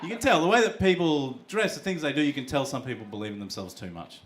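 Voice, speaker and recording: Aussie guy doing standup, sweary, bouncy pitch, super noisy live room with crowd laughing. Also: animated. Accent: Australian. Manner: profane, acts out characters in quick voices. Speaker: stand-up comedian. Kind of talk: stand-up comedy set. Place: comedy club stage with a live audience.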